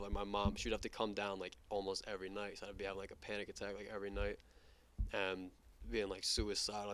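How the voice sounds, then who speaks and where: A young man from New York talks in a rapid, rambling rush, piling on fillers and swear words. His voice sits fairly low. He tells his stories as an interview guest in a loose, casual chat. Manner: rapid, profane, filler-heavy storytelling.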